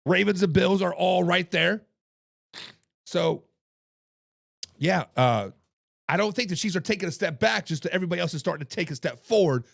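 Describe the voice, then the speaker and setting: A man hosts a casual sports talk live stream, chatting with viewers in the chat. His voice sits high and is heavily gravelly and hoarse. The recording is dry and close. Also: animated, normal speed, pauses often, dry recording. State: hoarse from coaching. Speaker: podcast host.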